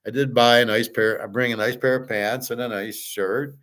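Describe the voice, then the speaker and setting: A man's voice: medium pitch, fairly even intonation, normal speed, few pauses, fairly bright tone. A middle-aged man hosting a casual monologue, rambling and blunt, swearing freely. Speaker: host.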